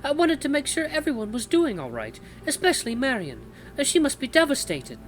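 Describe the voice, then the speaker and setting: A man voicing a sweet, smooth but cold and cloying young woman who pries politely. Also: very high voice, huge pitch swings, fairly quick, faint music behind, pitched above the performer's own voice, exaggerated voice. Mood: prying. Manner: overly polite, prying.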